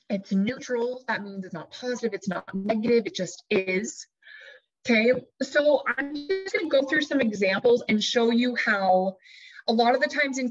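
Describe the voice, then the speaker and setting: A woman life coach explaining ideas to her audience, lively and chatty, sometimes putting on her own dramatic inner voice as an example. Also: mid-range voice, highs cut off. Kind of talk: teaching talk to an audience.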